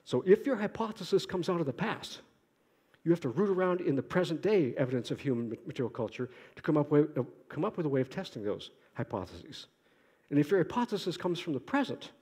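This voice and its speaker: A man giving an academic conference lecture in a lively, joking way, asking rhetorical questions. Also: a little high, fairly quick, slightly rough. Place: lecture hall. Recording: echoey lecture hall.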